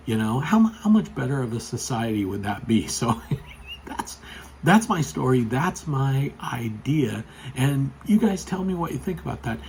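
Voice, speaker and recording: Vlogger, male, mid pitch, rambling casual storyteller, gets worked up and loud. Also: normal speed, gravelly, slight background noise, rough recording. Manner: chatty, rambling, with frequent fillers; gets loud and excited when telling the story.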